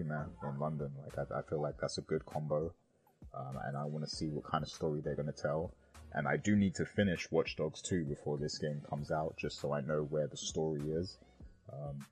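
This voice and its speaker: A man's voice: a bass voice, husky. A man co-hosting a casual podcast, rambling with many ums and you-knows. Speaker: podcast co-host.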